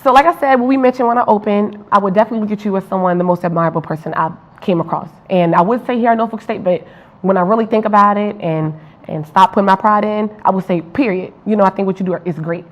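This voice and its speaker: A woman interviewing a guest in casual conversation, encouraging and quick to affirm what he says. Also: mid-range voice. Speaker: student interviewer. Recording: dull lo-fi recording.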